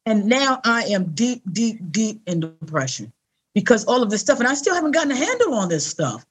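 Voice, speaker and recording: A middle-aged woman with a slightly high voice tells a personal story as an interview guest. She speaks earnestly and conversationally. She slips into the voices of the people she quotes. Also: fairly quick, husky. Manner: animated, acts out quoted voices.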